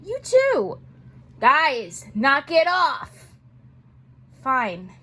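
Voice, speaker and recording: A woman's voice: high-pitched, huge pitch swings, drawn-out words, fairly bright tone. A woman acting out a homemade skit, doing every voice herself, with a bickering, teasing manner.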